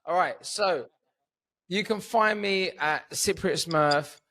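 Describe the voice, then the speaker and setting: High-pitched, pushed and bright, his voice moves slowly as he chats on a podcast. The guest is a comedian from Cyprus who is tipsy and half-asleep, meandering through his thoughts and swearing liberally.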